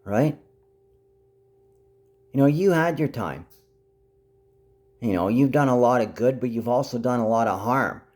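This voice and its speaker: A man rambling to the camera in a vlog monologue, jumping between topics and speaking to his mother with sudden rises in pitch. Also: expressive, a little slow, long pauses, darkish tone.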